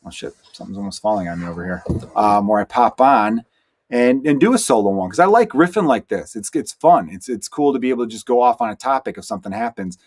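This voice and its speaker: A male stand-up comedian from Chicago hosting a solo podcast, telling crowd stories in animated, rambling fashion with quoted dialogue. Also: a little fast. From Chicago, USA. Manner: animated storytelling with quoted dialogue, jumps up in pitch when worked up.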